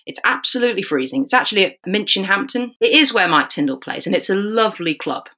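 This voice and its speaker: A woman, a rugby referee, telling a podcast anecdote in an animated way and acting out the dialogue. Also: mid-range voice, fast talker.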